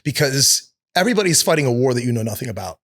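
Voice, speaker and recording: A man being interviewed as an actor and producer, telling stories in a lively, profane way and acting out the people he quotes. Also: mid-range voice, fast. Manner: animated, profane, acts out quotes. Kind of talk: casual interview storytelling. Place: studio with city view.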